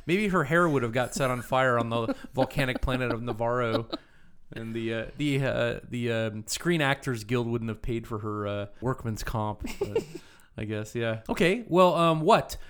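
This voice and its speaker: A man's voice: medium pitch, expressive, normal speed, fairly bright tone, clean tone. A man co-hosting a casual podcast, talking in a playful, nerdy way and posing quiz-style questions. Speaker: podcast co-host.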